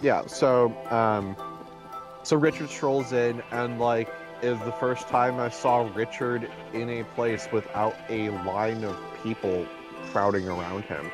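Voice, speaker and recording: A man's voice: mid-range voice, fairly even intonation, slow, music in the background. Rambling man telling a story. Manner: rambling, many fillers, acts out quotes. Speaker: co-host. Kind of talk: casual chat, anecdote.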